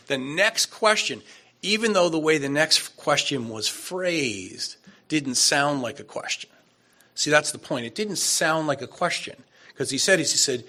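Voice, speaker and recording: Male lawyer fielding audience questions; bright, emphatic, repetitive delivery. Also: a little high, expressive, a little slow. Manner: emphatic, repeats points, acts out exchanges. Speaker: attorney presenting. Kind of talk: legal Q&A at a members meeting.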